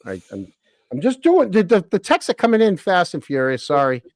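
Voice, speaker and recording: Lively higher-voiced man hosting. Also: a little fast, dry recording, studio quality. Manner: joking, reads chat donations aloud. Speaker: podcast host. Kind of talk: casual chat.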